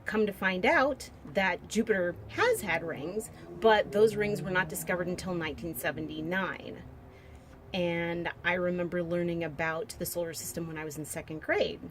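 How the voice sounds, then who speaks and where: A woman's voice: on the low side, normal speed, a little hiss or hum. Rambling, joking woman in her forties. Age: 40s. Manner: rambling, joking, half-serious storytelling; muses aloud while browsing pictures on screen. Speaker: vlogger. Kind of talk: casual monologue to camera.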